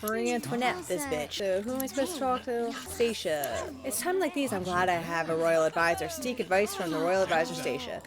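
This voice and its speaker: A woman giving chatty, sarcastic let's play commentary in a playfully villainous tone. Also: mid-range voice. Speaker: gaming video creator.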